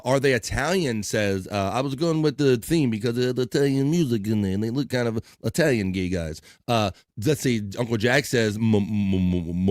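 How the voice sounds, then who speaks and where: A man hosts a casual live-stream show, reading viewer comments in a laid-back, joking way and laughing often. His voice is medium in pitch, and the studio sound is clean with no echo.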